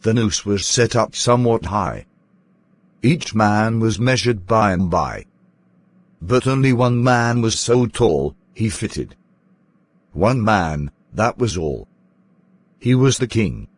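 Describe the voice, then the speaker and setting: A man narrating an animated poem in a measured, storybook style. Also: on the low side.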